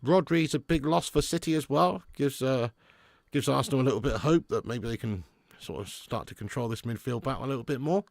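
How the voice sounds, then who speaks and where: A man's voice: mid-range voice, a little fast, creaky, no echo, clean studio sound. Chatty man hosting a watch-along. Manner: chatty, reads out and answers viewer comments; bursts into loud excitement at match action. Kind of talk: live match watch-along chat.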